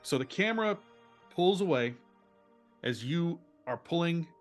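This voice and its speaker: A man narrating as game master of a tabletop role-play game, telling the scene in an animated way with frequent restarts. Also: fairly high pitch, unhurried, soft background music.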